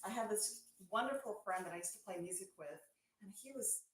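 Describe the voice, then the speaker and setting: A woman's voice: mid-range voice, lively intonation, brisk. A woman running a casual live stream from her kitchen as a small-business marshmallow maker, rambling chattily, thanking viewers by name and laughing often. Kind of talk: casual live-stream chat while working. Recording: echoey room with faint background noise.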